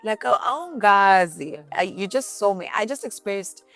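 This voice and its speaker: South African woman, interview guest, animated storyteller, faint music bed. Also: mid-range voice, normal speed. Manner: animated retelling, acts out quotes. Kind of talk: candid interview, mixing English and Zulu.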